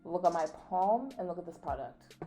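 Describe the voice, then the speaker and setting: A woman's voice: on the low side, animated, fairly quick, warm tone, faint music behind. A young adult woman vlogging a casual get-ready-with-me chat, candid and full of "like", telling stories with playful indignation. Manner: chatty and candid, peppered with "like". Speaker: beauty vlogger.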